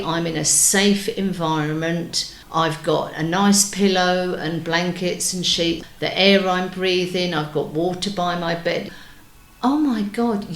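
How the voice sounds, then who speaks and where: A woman hosting a podcast, chatting in an animated, agreeing way about living in the present. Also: on the low side, roomy sound. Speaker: podcast host. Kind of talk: conversational podcast chat.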